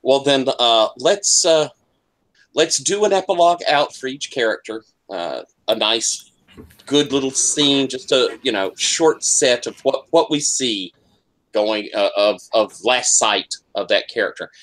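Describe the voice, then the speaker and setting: Slow halting gm guy narrating a tabletop game, lots of uh's. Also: medium pitch, fairly bright tone. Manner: halting, with many fillers and restarts. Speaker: game master.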